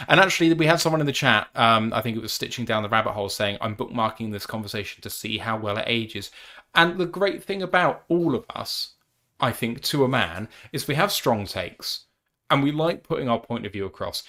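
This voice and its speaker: A man's voice: medium pitch, expressive, fairly quick, a bit bright. A British man hosting a casual live-stream sports chat, emphatic and opinionated. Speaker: podcast host.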